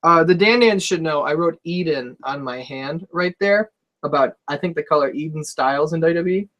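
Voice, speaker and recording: A man's voice: a little high, normal speed, a bit bright, muffled recording. A man co-hosting a casual wrestling podcast, talking loosely with swearing and reading viewer comments aloud. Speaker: podcast co-host.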